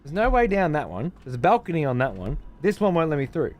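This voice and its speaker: A man's voice: on the high side, wildly swooping pitch, fast, a little mellow. A man streaming a game, chatting casually and swearing freely while answering his chat. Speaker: let's play streamer. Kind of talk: casual gameplay commentary.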